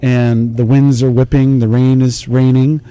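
A man's voice: medium pitch, little pitch movement, a little slow, dark tone, smooth. A man hosting a casual beer tasting chat, explaining styles in a knowledgeable, rambling way with fillers. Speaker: beer tasting show host.

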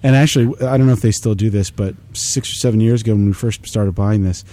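A man's voice: lowish voice, fast, dark tone. A man hosting a casual beer tasting chat, explaining styles in a knowledgeable, rambling way with fillers. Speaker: beer tasting show host.

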